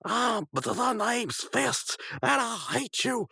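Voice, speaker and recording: A man voicing a panicky, hotheaded young male cartoon raccoon, yelling frantically. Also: extremely high pitch, expressive, slow, vocal fry, husky, no echo, studio quality, voice pushed up, heavily acted. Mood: frantic.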